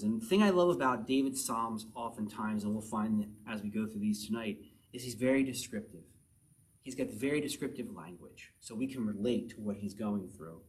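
A man leading a Bible study who reads the verses slowly and with emphasis, then explains them in a relaxed, chatty way, often asking his listeners questions. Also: medium pitch. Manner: asks the listeners frequent rhetorical questions. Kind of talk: conversational verse-by-verse Bible teaching.

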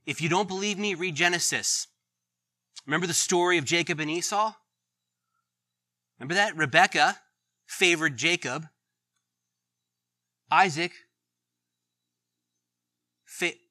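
A man's voice: on the high side, bright, forceful tone, no echo. A middle-aged man preaching in an earnest, conversational way, laughing now and then at his own stories. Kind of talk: sermon.

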